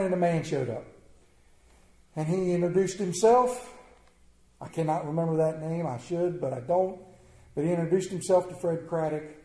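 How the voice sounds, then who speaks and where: Folksy pastor with a mellow voice in an echoey church. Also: male voice, a little high, moderate pace, long pauses. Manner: folksy, animated storytelling. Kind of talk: sermon.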